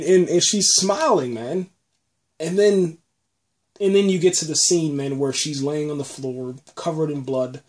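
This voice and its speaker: A man hosting a casual podcast episode review, rambling in an animated way with lots of restarts. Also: fairly high pitch. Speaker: podcast host.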